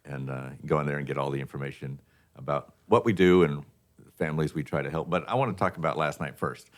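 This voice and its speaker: Man, very low pitch, hoarse voice, relaxed chuckling storyteller, radio studio guest. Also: fast. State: hoarse from losing his voice. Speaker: guest from a charity foundation. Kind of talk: casual radio chat.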